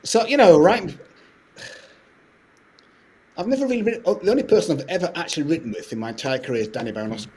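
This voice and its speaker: A middle-aged man, telling stories as a podcast guest in animated, rambling talk. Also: on the high side, slight background noise. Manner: fast, animated anecdote-telling with frequent laughs. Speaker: guest composer. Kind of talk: casual podcast interview storytelling.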